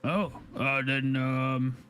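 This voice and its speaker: A man's voice: mid-range voice, fairly even intonation, fairly bright tone, slight background noise. A man speaks in character during a tabletop role-play game. He stumbles and restarts often, trailing off as he hunts for words. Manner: halting, stammering speech. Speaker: player.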